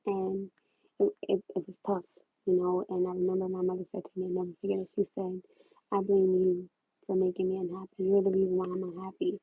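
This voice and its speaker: A young woman with a very husky, breathy voice tells her life story on a livestream, chatty and animated. The sound is thin and phone-like. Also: fairly low pitch, a little fast, no room sound. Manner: animated, laughs loudly, chatty and heartfelt. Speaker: livestream host.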